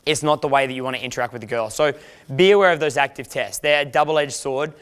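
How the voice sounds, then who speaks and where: A man's voice: mid-range voice, fast talker, fairly bright tone, clean tone. A man, a dating coach giving a casual, profane instructional talk and acting out quoted lines.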